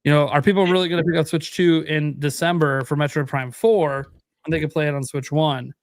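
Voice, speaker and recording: A man co-hosting a casual gaming podcast, rambling and restarting as he thinks out loud through sales figures. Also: on the high side, steady tone, a little fast, no echo, clean studio sound. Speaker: podcast co-host.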